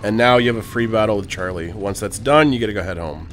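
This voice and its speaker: A man's voice: on the low side, fast talker, a little hiss or hum. Joking, swearing man commenting on gameplay. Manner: joking, swearing, bursts of loud laughter. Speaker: co-host guiding a video game playthrough. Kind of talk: casual gaming commentary.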